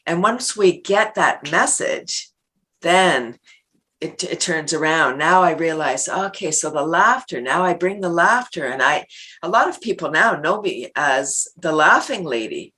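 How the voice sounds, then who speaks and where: A woman's voice: low voice, animated, unhurried, pushed and bright. A middle-aged woman guest on a podcast, talking casually and animatedly, laughing often and acting out little everyday scenes. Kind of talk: casual interview talk.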